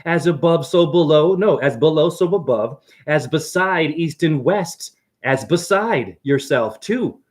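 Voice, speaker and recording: A man rambling excitedly and preachily through a livestream monologue from his apartment, jumping from idea to idea. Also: a little high, a little slow, few pauses. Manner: excitable, preachy, jumps between ideas. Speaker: self-styled spiritual teacher.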